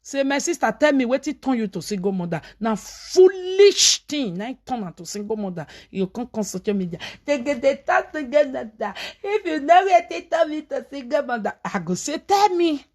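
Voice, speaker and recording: A woman with a Nigerian Pidgin accent, vlogging in dramatic storytelling commentary. Her voice sits fairly high and swings widely, and she scolds hard, shouting one moment and dropping low the next. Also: sing-song, a little fast, few pauses. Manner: scolding, dramatic, shouts and switches between loud and hushed.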